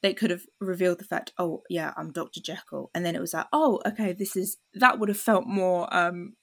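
A woman's voice: on the low side, steady tone, a little fast, creaky. A woman hosting a podcast in casual film chat, chatty with many fillers, acting out quoted lines. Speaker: podcast host.

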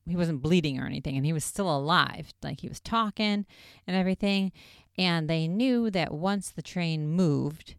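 A woman's voice: on the low side, smooth, no echo, clean studio sound. A woman casually recapping a TV episode in a chatty way, with lots of "like" and wry asides.

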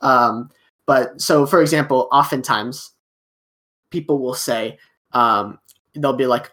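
A man's voice: medium pitch, measured pace, pauses often, bright, forceful tone. An American man, a podcast guest, talking casually and explaining things, acting out small everyday dialogues with plenty of fillers. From United States. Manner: explanatory, acts out little dialogues, many fillers. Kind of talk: casual chat.

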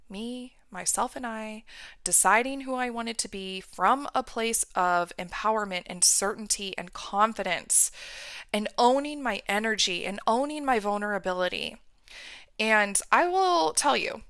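A woman's voice: mid-range voice, fairly bright tone, no echo. A woman hosting a podcast, telling a personal story in a candid, emotional way. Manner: emotional, candid, reenacts her own outbursts. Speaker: podcast host.

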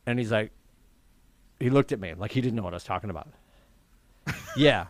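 A man co-hosting a casual sports podcast, ranting in an animated way and laughing as he talks. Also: fairly low pitch, fairly quick, no echo. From New England. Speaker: podcast co-host.

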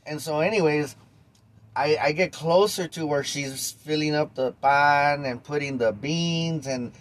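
A man with a fairly high speaking voice tells a story on his podcast. He talks right at his listeners in a casual, animated monologue and swears freely. His delivery is loose and conversational. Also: a little slow. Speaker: podcast host.

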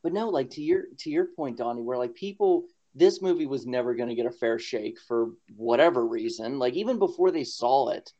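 A man's voice: medium pitch, animated, brisk, hardly any pauses, warm tone. A man co-hosting a podcast in casual chat, rambling with lots of fillers and frequent laughs. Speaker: podcast co-host. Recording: dull lo-fi podcast audio.

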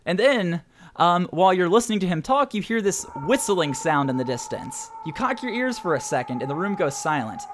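A young man narrating as game master in a tabletop game, casual and quick to laugh. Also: sits high, background noise. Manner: laughs often, casual and animated.

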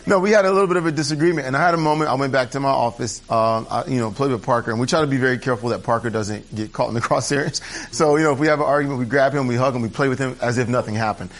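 A man's voice: mid-range voice, rapid-fire. Candid, chatty male pastor. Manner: chatty and candid, rambling asides with restarts. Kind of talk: conversational sermon. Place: church service.

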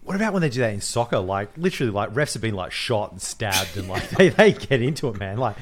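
Lively Australian man, lots of pitch movement. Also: quick pace, noisy background. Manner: enthusiastic reactions, laughs often. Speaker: podcast co-host. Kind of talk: casual chat.

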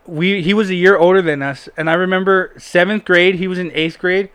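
A man's voice: sits high, fairly even intonation, a little fast, a bit bright, clean tone, no room sound. A young man telling long, profane stories in a rambling, casual way, full of fillers. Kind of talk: casual storytelling chat.

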